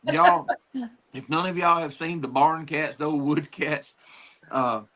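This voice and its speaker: A man's voice: a little high, unhurried, gravelly, a crowd in the background. A man telling a rambling childhood story in casual talk, addressing listeners.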